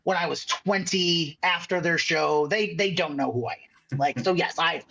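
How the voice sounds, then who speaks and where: Animated male magician guest from the Chicago area, slightly high voice, recorded on muffled lo-fi audio. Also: normal speed, gravelly, husky. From Chicago area, USA. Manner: animated anecdote-telling, acting out others' lines. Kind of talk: casual podcast storytelling.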